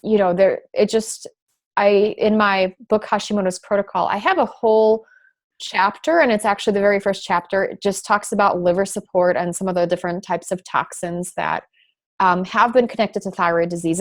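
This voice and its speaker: This podcast interview guest is a woman pharmacist focused on thyroid care who talks fairly quickly in a medium-pitched voice. She's thoughtful, often restarting and using fillers, with a lightly sarcastic edge at times.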